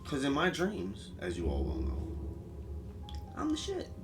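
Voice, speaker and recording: Man, crude rambling comedic storyteller, swinging wildly in pitch, distant mic, music bed. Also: a little slow, noisy background. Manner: profane, animated and rambling.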